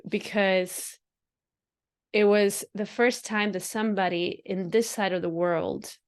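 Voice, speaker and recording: A woman's voice: mid-range voice, fairly even intonation, slow pace. Earnest woman musing on spirituality. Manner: earnest, repeats phrases, laughs often. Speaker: podcast host. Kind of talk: reflective spiritual monologue.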